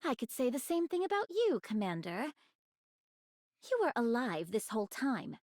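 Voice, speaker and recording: A woman's voice: on the high side, big pitch swings, moderate pace, darkish tone, dry recording, clean studio sound. An actress playing a proud, noble woman fighter in a game, speaking in a poised, dignified manner. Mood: indignant. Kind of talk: game voice acting.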